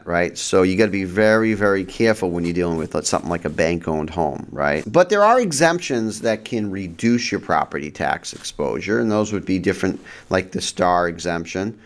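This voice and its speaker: A man hosting a real estate advice show, talking casually with frequent restarts, rhetorical "right?" checks and sudden jumps in pitch for emphasis. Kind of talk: casual explanatory monologue. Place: central New York region.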